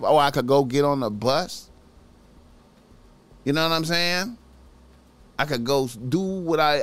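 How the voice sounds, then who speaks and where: A man's voice: on the high side, fairly bright tone, smooth. A man hosting a podcast, talking casually in a slangy, profane, preachy way, repeating himself as he urges listeners. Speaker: podcast host.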